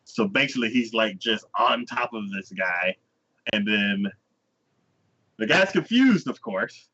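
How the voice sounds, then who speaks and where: A man hosting an anime podcast, telling the story in a bright, lively voice that swings widely in pitch and jumps up high whenever he acts out a character. The audio is slightly dull and lo-fi. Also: a little slow, a little hiss or hum. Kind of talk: casual chat recapping an anime episode.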